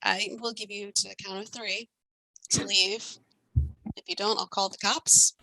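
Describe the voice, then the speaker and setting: A woman's voice: medium pitch, little pitch movement, unhurried, pushed and bright, no echo, poor audio. A woman voicing a young woman who coldly threatens an intruder. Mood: threatening.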